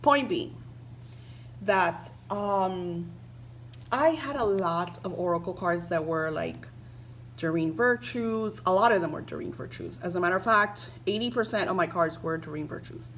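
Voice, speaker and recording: A woman's voice: on the low side, normal speed, a bit bright, slight background noise, low-quality recording. A woman vlogging casually about spirituality, gushing and emotional, with lots of fillers, reading passages aloud from a book.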